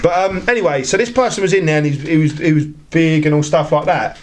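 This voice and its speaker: A podcast guest with a fairly high male voice talks quickly in a casual chat. He tells rambling stories and acts out other people's lines along the way.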